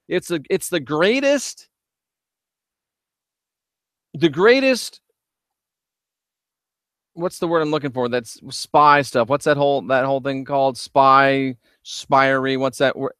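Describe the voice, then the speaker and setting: A man hosting a livestream, talking loudly and emphatically while reading viewer chat. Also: mid-range voice, no echo, studio quality. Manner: loud, shouting, emphatic. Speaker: host.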